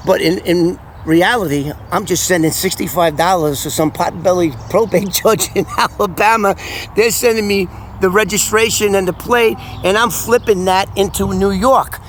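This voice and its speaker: Older guy spinning a yarn, bright voice, a bit high, slight hiss behind. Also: moderate pace. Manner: animated, repeats words while telling the story. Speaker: storyteller on his own channel. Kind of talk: casual first-person storytelling.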